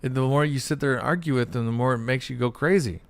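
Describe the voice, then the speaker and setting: A man's voice: medium pitch, fast. A man streaming a video game, rambling casually and calling listeners dude and bro. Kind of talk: casual gameplay commentary.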